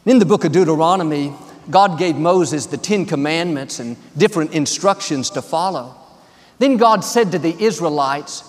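A man's voice: a little high, normal speed. A man pastor delivering a sermon with an upbeat, repetitive preaching cadence in a large church. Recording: long hall reverb.

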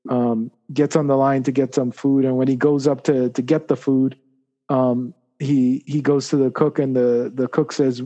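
A man telling a parable as a podcast guest, halting often with fillers and restarts. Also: mid-range voice, level tone, mellow, highs cut off. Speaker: guest storyteller. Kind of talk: spoken parable storytelling.

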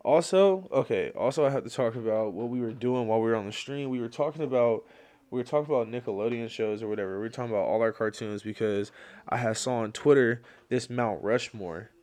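A young man hosting a casual solo podcast, telling rambling stories full of slang and fillers, and getting loud and worked up when he rants. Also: medium pitch, fast talker. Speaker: podcast host.

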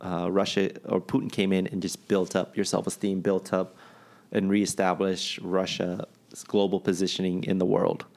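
A man's voice: deep voice, level tone, moderate pace, vocal fry, a little mellow. A man co-hosting a podcast, chatting casually and airing loose, opinionated views with some profanity. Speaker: podcast co-host. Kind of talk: casual chat.

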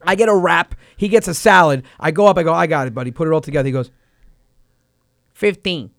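Comedy radio host, young New guy, high voice, dry close studio sound, lively storyteller. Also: rapid-fire, creaky, no echo. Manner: animated storyteller, acts out voices in his stories. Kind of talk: casual comedic banter.

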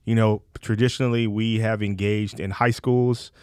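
A man with a lowish voice hosts a podcast and sets up the conversation in a relaxed, unhurried way, now and then pausing on an "um". The sound is close and dry, with no room around it. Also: clear, resonant tone, no room sound. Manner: easygoing, introduces topics with frequent ums. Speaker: podcast host.

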